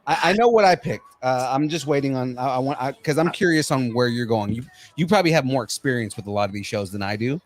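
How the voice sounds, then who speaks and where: A man's voice: mid-range voice, lively intonation, fast talker, hardly any pauses. A young adult man co-hosting a livestream podcast, chatting casually and teasing a guest. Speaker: podcast co-host. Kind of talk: casual chat.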